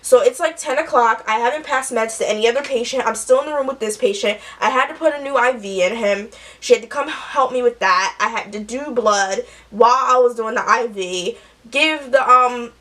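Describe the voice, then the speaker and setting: A woman's voice: a little high, normal speed. A young woman, chatting through a story while doing her makeup, acting out the people she quotes. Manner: chatty, animated, acts out quotes. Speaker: nurse vlogger.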